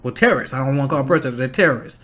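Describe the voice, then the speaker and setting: A young man hosting a political stream, angry and blunt, ranting fast and swearing often. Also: mid-range voice, a bit bright. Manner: fast, repeating himself to stress points. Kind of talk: heated political commentary.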